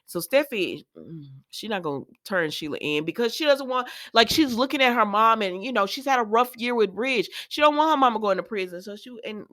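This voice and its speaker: A woman's voice: fairly high pitch, animated, a little fast, fairly bright tone. A young woman chatting casually to her viewers, paraphrasing and talking straight to them as she recaps a soap episode. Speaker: soap opera recap host.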